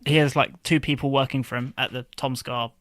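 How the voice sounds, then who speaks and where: A man in casual podcast chat as a guest, talking in a relaxed, offhand way. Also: mid-range voice, brisk, dry recording.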